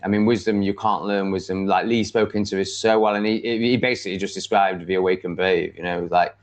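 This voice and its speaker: A man's voice: low-pitched, fairly even intonation, brisk. A man with an English accent hosting a casual live stream, rambling bluntly and confidently with plenty of ums and likes. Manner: rambling, blunt and self-assured, with many fillers. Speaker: livestream host. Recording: dull lo-fi stream audio.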